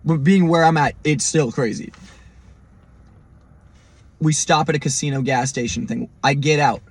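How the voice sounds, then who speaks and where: A man hosting his own podcast, telling listeners a first-person road story in a casual, profane, animated way. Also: on the high side, normal speed, slightly rough. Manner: speaks straight to listeners as "guys". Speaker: podcast host.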